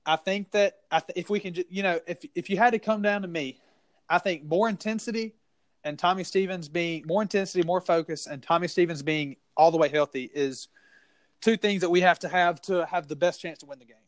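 A Southern US man breaks down a football game in a casual podcast, his voice sitting high for a man. He rambles and restarts his sentences, getting heated as he goes. The sound is dry and close, with no room in it. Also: a little fast, no echo. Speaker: sports podcast co-host. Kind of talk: casual sports talk.

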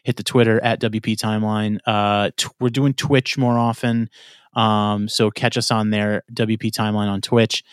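A man's voice: lowish voice, level tone, moderate pace, smooth, no echo, clean studio sound. A man hosting a podcast in casual chat, laid-back, filler-heavy and swearing. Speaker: podcast host.

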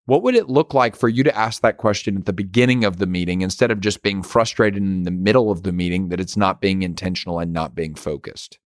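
A man's voice: low voice, brisk, few pauses, no echo, studio quality. A man giving a motivational leadership talk, emphatic and full of rhetorical questions. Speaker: leadership speaker.

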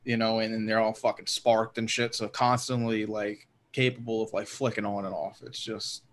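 A man's voice: on the low side, flat delivery, normal speed. A man co-hosting a casual hockey podcast, rambling and swearing freely, laughing often. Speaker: podcast co-host.

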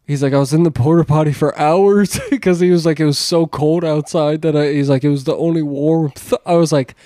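A man's voice: on the high side, fairly even intonation, a little fast, warm tone, no room sound, clean studio sound. Casual swearing man telling a wild story. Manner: swearing, laughing, acts out quotes.

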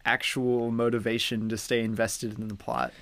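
A man co-hosting a casual film discussion, animated, laughing often and using lots of fillers. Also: medium pitch, normal speed, no room sound. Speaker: podcast co-host.

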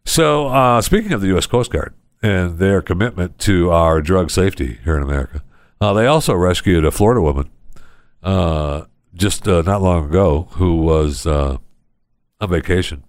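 A man hosting a casual comedy podcast, telling odd news stories in a rambling, deadpan way with lots of pauses. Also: sits low, clear, resonant tone, dry recording, studio quality. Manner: rambling storyteller, many uh fillers, deadpan. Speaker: podcast host.

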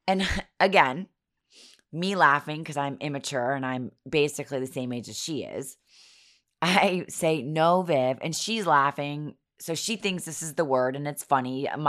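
A low-pitched woman in her thirties with a hoarse, scratchy voice. She hosts a casual podcast and chats in a giggly, self-mocking way. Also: fairly bright tone. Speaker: podcast host. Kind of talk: casual chatty storytelling.

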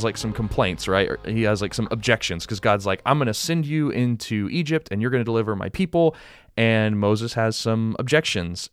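A man's voice: on the low side, dry recording, clean studio sound. A man co-hosting a casual Bible discussion, explaining at length with frequent restarts and asides. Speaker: Bible study co-host.

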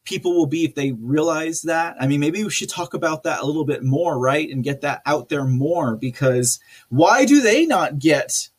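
A man's voice: fairly high pitch, lively intonation, normal speed, slightly rough. A man hosting a podcast, reading out live chat comments in a chatty, rambling way with frequent laughs. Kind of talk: casual live-stream chat.

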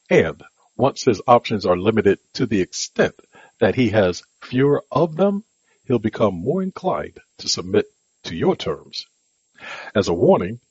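Husky man reading negotiation lessons. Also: on the low side, no echo. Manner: measured, advisory delivery of headed sections. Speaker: negotiation instructor. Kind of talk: scripted instructional narration. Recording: dull lo-fi dry recording.

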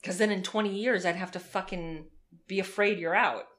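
A woman co-hosting a podcast, reacting in casual chat with loud, outraged, profane commentary. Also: mid-range voice, fairly even intonation, moderate pace. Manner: loud, outraged, heavy swearing. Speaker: podcast co-host.

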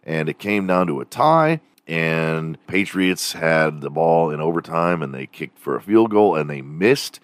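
A young Texan man rants casually on his own podcast, swearing freely and wandering off topic. His voice sits low and deep. It sounds close and dry, with no room around it. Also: animated, a little slow, few pauses, dry recording. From Texas. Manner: profane, rambling, mimics accents for jokes. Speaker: podcast host. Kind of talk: casual rant.

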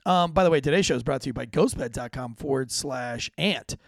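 A man co-hosting a podcast, excitable and casually swearing as he chats and slips in sponsor reads. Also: medium pitch, brisk, creaky, dry recording, studio quality. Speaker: podcast co-host.

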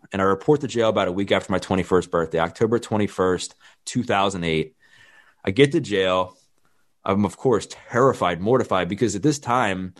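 A man in his thirties, a fitness trainer, candidly telling his life story in a plain-spoken way and acting out the dialogue he quotes. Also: low voice.

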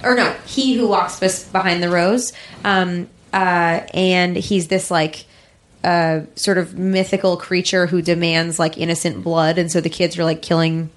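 A woman's voice: fairly low pitch, flat delivery, a little slow. Chatty woman in an echoey room. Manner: chatty, explains with many fillers. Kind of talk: casual podcast chat.

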